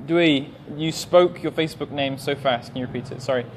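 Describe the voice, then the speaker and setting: A man's voice: on the high side, fairly quick, slight background noise. A young English man teaching English, reading viewers' questions aloud on a livestream and answering them in a friendly, plain way. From England.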